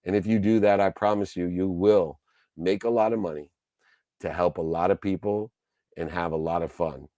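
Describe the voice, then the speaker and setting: A male motivational speaker delivering an emphatic, preachy talk built on rhythmic repeated lists. His voice is mellow and warm, and the sound is dry and close. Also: low voice, steady tone, normal speed, no echo. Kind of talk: motivational speech.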